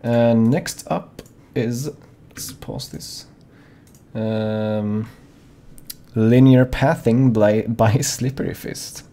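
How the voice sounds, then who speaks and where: A young man with a medium-pitched, dark voice speaks in a steady tone and draws out his words. He co-hosts a fan-made live gaming show, chatting casually and rambling with plenty of fillers and restarts.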